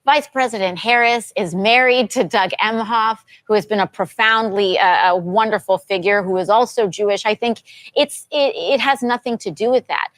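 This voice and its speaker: Woman politician in a tv interview, steady measured talking points, dry sound. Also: mid-range voice, no room sound. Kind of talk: television interview answer.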